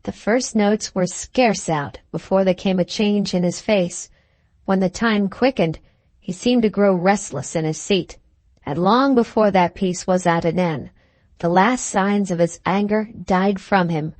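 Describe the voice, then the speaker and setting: Woman reading a classic novel out loud, steady and even, dry close sound. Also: medium pitch, a little slow, no echo. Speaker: audiobook narrator. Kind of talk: scripted audiobook narration.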